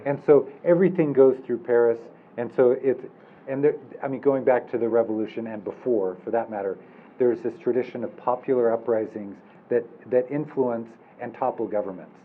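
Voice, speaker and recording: A man's voice: mid-range voice, brisk, narrow, tinny audio, slight background noise. A man moderating a panel, a professor telling wry, rambling stories. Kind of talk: panel discussion.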